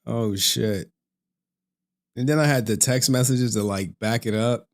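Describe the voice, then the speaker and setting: A man's voice: mid-range voice, brisk. A young man hosting a casual late-night stream, tired from no sleep, rambling, swearing and laughing often. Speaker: streamer host.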